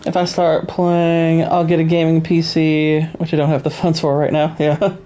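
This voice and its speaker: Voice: mid-range voice, completely flat delivery, normal speed, warm tone. A game streamer chatting casually with viewers while playing, laid-back and laughing often. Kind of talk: casual let's play chat.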